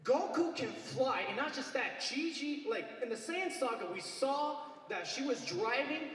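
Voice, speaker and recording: An eager male fan rambles through a long question at a microphone, his voice on the high side. It sounds distant and echoey, carried through a large convention hall. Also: lively intonation, a little slow, fairly bright tone, slight background noise. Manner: rambling, eager, many fillers. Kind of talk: audience question at a panel.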